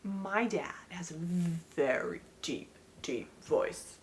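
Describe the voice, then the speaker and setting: A woman's voice: low voice, animated, slow, slight background noise. A woman in her forties hosting her own channel, telling her story to camera in a chatty way, often laughing and speaking straight to her viewers.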